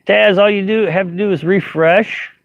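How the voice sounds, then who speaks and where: Middle-aged man with a high voice, casually chatting with viewers from his camper. Rambles with lots of fillers, on a dull, lo-fi stream recording. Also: fairly even intonation, normal speed, vocal fry, dry recording. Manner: rambling, laughs often, many fillers and restarts. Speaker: RV vlogger hosting a live stream. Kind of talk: casual live-stream chat, reading viewer comments. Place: inside a camper. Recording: dull, lo-fi live-stream audio.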